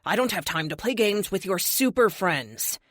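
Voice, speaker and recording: A woman's voice: mid-range voice, expressive, normal speed, fairly bright tone, no echo, studio quality. Woman voicing a cold, emotionless vigilante. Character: cold ruthless female vigilante.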